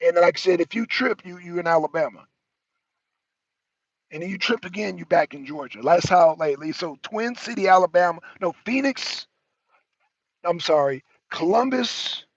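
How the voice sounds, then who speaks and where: A man's voice: high voice, dry recording, highs cut off. A man hosting a casual livestream talk show, rambling and slangy, often repeating himself.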